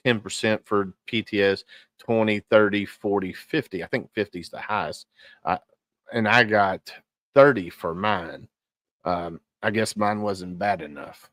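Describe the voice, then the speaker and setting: A man in his forties, a veteran guest talking casually in an interview, halting and repeating words with many fillers. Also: on the low side, a bit bright, no echo. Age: 40s.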